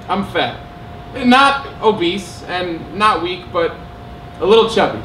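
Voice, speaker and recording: A man performing spoken word poetry on stage and telling stories between pieces, emphatic and self-mocking, quick to laugh. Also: high voice, lively intonation, bright, forceful tone, distant mic, slight background noise. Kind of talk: live slam poetry and stage storytelling. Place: theater stage with audience. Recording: roomy live venue sound.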